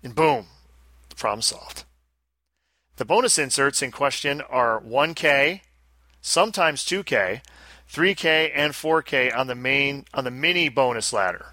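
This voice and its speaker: A man hosts a casual podcast and works through listener mail with dry, wry asides. His voice is bright and sits at a middle pitch, and the sound is dry. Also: measured pace, no echo. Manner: wry, reads emails aloud with asides. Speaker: podcast host.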